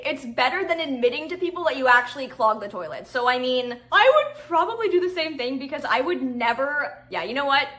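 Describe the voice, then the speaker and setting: A woman reading confessions aloud and reacting in chatty, animated commentary, laughing often and exclaiming in disbelief. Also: high voice. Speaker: storytelling comedy host.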